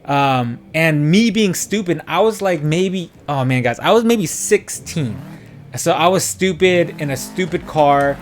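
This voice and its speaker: A man's voice: on the high side, animated, unhurried, soft background music. A young man telling a story in a casual, rambling way while he streams a driving game, full of fillers and quoted dialogue. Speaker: gaming streamer.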